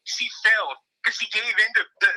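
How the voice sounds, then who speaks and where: Bright-voiced older opinionated co-host. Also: mid-range voice, moderate pace, slightly rough, poor audio. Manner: opinionated, mocking voices for quoted opponents. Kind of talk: casual political chat.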